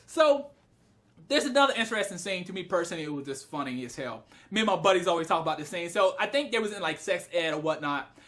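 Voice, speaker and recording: A man casually reviewing anime on camera, telling scenes in an animated way, laughing and breaking into loud, high yelling. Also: fast. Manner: frequent swearing and laughter.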